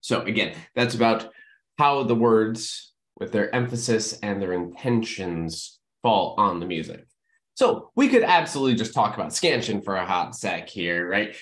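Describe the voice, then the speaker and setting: A man explains songwriting craft to camera in an emphatic teaching manner, often checking in with the viewer. His pitch swings widely as he stresses points. The recording has a noticeable room echo. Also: big pitch swings, normal speed, fairly bright tone. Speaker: musical theatre writer teaching songwriting. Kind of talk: educational talk to camera. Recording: echoey room.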